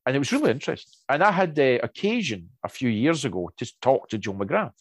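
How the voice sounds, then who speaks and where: Lively man telling a story. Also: medium pitch, fast, no room sound. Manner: lively storyteller, many restarts and asides. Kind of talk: casual chat.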